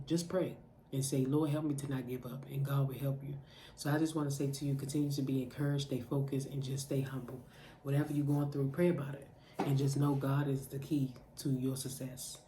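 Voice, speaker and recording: A woman's voice: very deep voice, warm tone, slight background noise. A woman mother giving a spoken faith message of encouragement to parents, urging them directly with repeated calls to pray and not give up. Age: adult mother. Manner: preaching directly to the listener, repetitive urging. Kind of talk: impassioned spoken exhortation.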